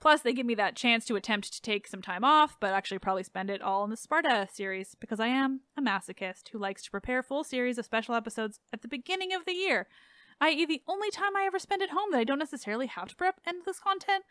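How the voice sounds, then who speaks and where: A woman podcast host rambling casually through her outro, sarcastic and self-deprecating. Her voice is high and crisp, and the recording is close and dry. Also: expressive, fast talker, fairly bright tone, no room sound.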